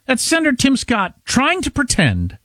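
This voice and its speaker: A man's voice: extremely high pitch, huge pitch swings, moderate pace, fairly bright tone, no echo, clean studio sound. A man hosting a political talk show, mocking and opinionated in casual banter.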